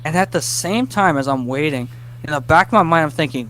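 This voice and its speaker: A man, a guest writer, telling a casual interview story, animated and self-deprecating about his nerves. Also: on the high side, slight background noise. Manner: animated, acts out his past self in quick bursts.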